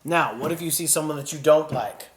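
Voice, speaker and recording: Speaking briskly at a fairly high pitch, a man teaches a puppetry lesson for children with gentle encouragement. Each emotion gets its own aloud sigh or breath.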